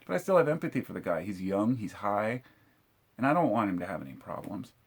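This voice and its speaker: A middle-aged man tells a story in a low, slightly husky voice. He talks bluntly and swears freely, raising his voice sharply whenever he quotes himself. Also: very animated. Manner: blunt and profane, quick to shout the quoted lines. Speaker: vlogger telling a true story. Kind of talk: casual storytelling monologue.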